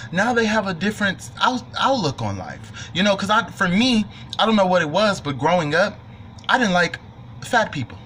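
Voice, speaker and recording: Young male vlogger, bright and fairly high voice, animated joking storyteller. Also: normal speed, slight background noise. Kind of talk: storytime monologue.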